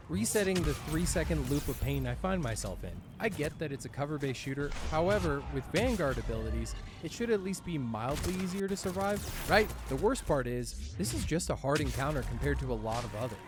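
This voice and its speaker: A man hosting his own gaming video, giving scripted commentary in a sarcastic, profane, self-mocking way. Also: fairly high pitch.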